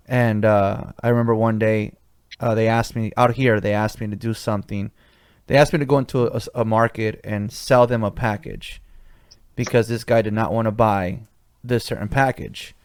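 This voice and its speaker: A man's voice: on the low side, fairly even intonation, normal speed, clear, resonant tone, no echo, studio quality. A man hosting a podcast, telling a cocky work story in a casual, profane way. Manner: profane, swaggering anecdote-telling. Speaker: podcast host.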